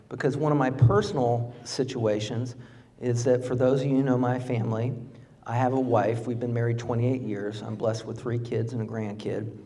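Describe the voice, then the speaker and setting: Impassioned middle-aged male campaign speaker. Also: far from the mic. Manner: impassioned, rising to emphatic peaks then dropping low and quiet. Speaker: political candidate. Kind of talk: campaign speech. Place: fundraiser event venue.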